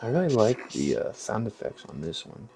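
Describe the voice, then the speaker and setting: A man's voice: lowish voice, wildly swooping pitch, normal speed, creaky, over music. A man hosting a casual review of video game submissions, musing aloud in a hesitant way with fillers. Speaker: gaming video host.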